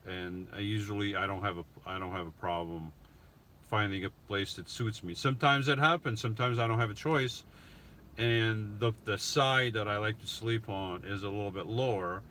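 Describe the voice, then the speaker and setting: Middle-aged man, slightly low voice, crisp forceful tone, casual livestream chat, phone mic in a van. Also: normal speed, slight background noise. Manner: chatty, reads viewer comments aloud and answers them. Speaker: vlogger hosting a live Q&A.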